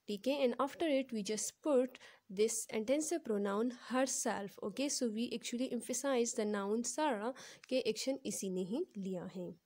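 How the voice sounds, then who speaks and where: A woman's voice: a little high, dark tone. Woman teaching grammar in mixed Hindi-English. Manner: mixes Hindi and English, repeats example sentences slowly. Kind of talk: explaining grammar in a lesson.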